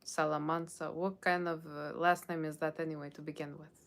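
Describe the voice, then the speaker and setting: A woman's voice: deep voice, level tone, brisk, gravelly. A woman giving a live tarot reading, chatty and rambling, reading viewers' comments aloud and answering them in a playful put-on Halloween voice. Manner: puts on a playful Halloween character voice; loose, rambling delivery with frequent "okay?" and "like". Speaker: tarot reader.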